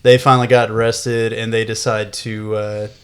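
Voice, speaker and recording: A man's voice: on the low side, little pitch movement, moderate pace, smooth. A man co-hosting a casual podcast, recapping episodes in a rambling, self-correcting way with frequent laughs. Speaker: podcast co-host.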